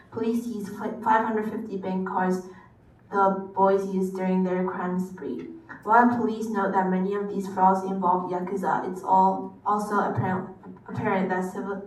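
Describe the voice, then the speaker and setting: A female student reading a text aloud in class, steady with a few stumbles. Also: mid-range voice, distant mic. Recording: echoey classroom from afar.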